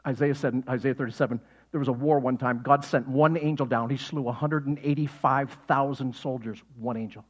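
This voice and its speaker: A man preaching a sermon, animated and jokey, acting out quotes with sudden loud shouts and laughing often. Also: mid-range voice, a little fast. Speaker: pastor.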